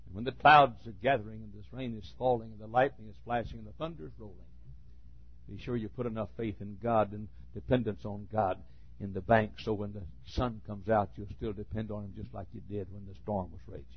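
A man preaching a sermon, folksy and storytelling, dropping to quiet asides and then bursting into shouts. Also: fairly low pitch, steady tone, fairly quick, breathy edge. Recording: dull lo-fi recording.

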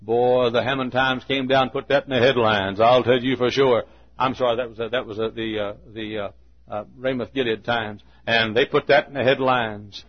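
An older man preaching a sermon in a church, telling a story in a folksy, chuckling way and swinging from hushed asides to loud, emphatic lines. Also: medium pitch, steady tone, moderate pace, lo-fi sound. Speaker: pastor.

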